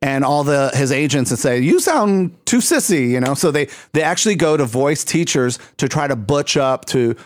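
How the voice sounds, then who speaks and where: A man's voice: medium pitch, fairly even intonation, moderate pace, few pauses, no echo. A man hosting a casual interview chat, chatty and laughing often, with plenty of fillers. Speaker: host.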